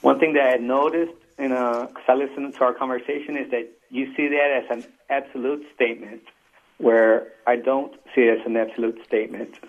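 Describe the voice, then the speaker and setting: A man's voice: mid-range voice, fairly even intonation, brisk. Hesitant man calling in on a tinny line. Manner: hesitant, many fillers. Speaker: caller. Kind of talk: phone-in discussion.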